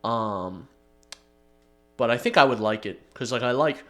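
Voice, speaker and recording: A man's voice: mid-range voice, lively intonation, measured pace, a bit bright, faint music behind. Laughing, rambling male podcast co-host. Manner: loose, laughing storyteller with acted-out quotes. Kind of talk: casual podcast chat.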